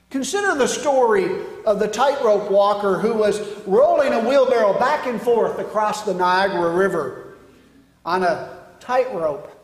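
A man preaching a sermon as pastor, swinging from loud declarations to hushed line endings. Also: very high voice. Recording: echoey hall.

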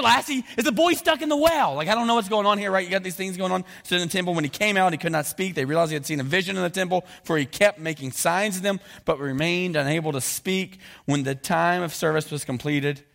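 A man preaching a sermon, animated and jokey, acting out the voices of biblical figures. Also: mid-range voice. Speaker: pastor.

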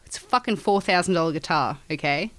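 A woman's voice: low voice, fast. A woman in her thirties with an Australian accent, telling stories in casual chat, acting out the people she quotes and swearing freely. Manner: animated, acts out quoted voices, swears freely. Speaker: storyteller.

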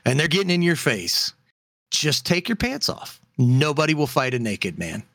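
A man co-hosting a podcast in loose, joking banter, his voice high and bright with big swings in pitch. He laughs a lot and keeps slipping into goofy voices, recorded close and dry. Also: big pitch swings, moderate pace, vocal fry, dry recording. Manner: jokey, laughs often, slips into silly voices. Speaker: podcast co-host.

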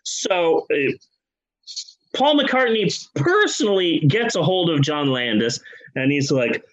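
A man's voice: on the high side, takes it slowly, dull audio. Rambling, swearing comedic storyteller man. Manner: rambling, animated, profane, drops into character voices. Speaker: podcast co-host.

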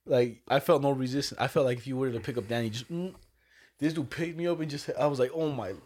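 A young man casually telling stories with a lot of swearing, his voice jumping high whenever he quotes someone. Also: fast talker. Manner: animated, swearing, jumps way up in pitch when quoting people. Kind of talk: casual storytelling chat.

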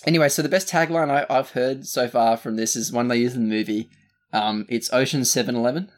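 Aussie guy chatting about a movie, lots of um and like, mid pitch, keeps circling back. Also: steady tone, a little fast. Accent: Australian. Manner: rambling, many fillers and restarts. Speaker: podcast co-host. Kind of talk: casual movie review chat.

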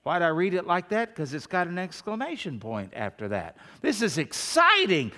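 A male pastor delivers a lively sermon in a fairly high voice. He drifts into half-sung hymn lines now and then. His words trail off into the long reverb of a big church hall. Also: normal speed, few pauses. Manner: animated preaching, half-singing hymn lines.

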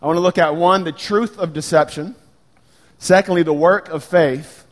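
A man in his thirties preaching a sermon as pastor, earnest and animated when he tells stories. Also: on the high side, normal speed.

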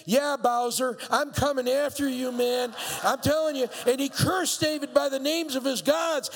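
A man with a very high, gravelly voice preaches a sermon, swinging from quiet reflection to shouted exhortation. He acts out the voices of biblical figures and drops in playful asides. The sound carries a long, ringing reverb, as in a large church hall. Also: normal speed, few pauses. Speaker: pastor.

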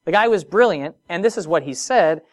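A preacher giving a sermon, moving between soft, drawn-out phrases and emphatic rises, with conversational asides and rhetorical questions. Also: medium pitch, animated.

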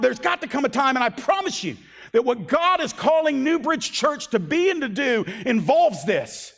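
Impassioned high-voiced male preacher. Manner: impassioned, emphatic, rising to shouts. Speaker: pastor. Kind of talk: sermon. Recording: long hall reverb.

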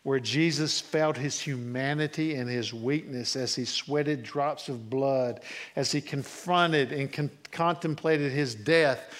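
This pastor's sermon feels conversational: he questions the congregation and alternates between booming and hushed moments. His mid-range voice has fairly even intonation and a measured pace.

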